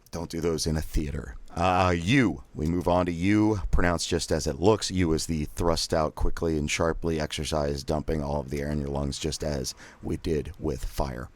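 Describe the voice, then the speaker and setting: A man leading a guided voice exercise drill in a relaxed, joking, self-deprecating coaching manner. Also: a bass voice, moderate pace, hardly any pauses, no room sound.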